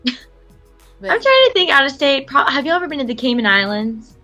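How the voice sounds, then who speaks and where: A young woman, a game show contestant chatting as a guest, upbeat with "um" and "like" pauses. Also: sits high, sing-song, sharp tone, soft background music. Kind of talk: casual chat.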